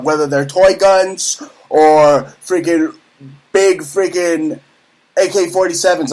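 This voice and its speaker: A man hosting a talk radio show, ranting loudly and excitably in casual banter. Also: high-pitched, slow, low-quality recording.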